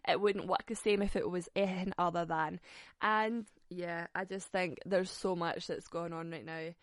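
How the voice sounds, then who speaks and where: A woman's voice: mid-range voice, no echo. Sassy woman, twenties, podcast host; sweary, giggly banter, dead-dry recording. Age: 20s. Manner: sweary, sassy, quick to laugh. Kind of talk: casual solo podcast chat.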